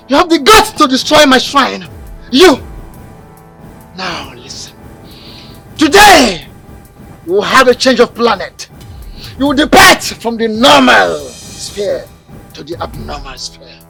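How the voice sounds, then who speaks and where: An actor with a Nigerian accent playing a furious older shrine priest who shouts commanding curses. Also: male voice, very high-pitched, big pitch swings, takes it slowly, creaky, long pauses, slightly rough, exaggerated voice. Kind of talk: film acting. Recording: music in background.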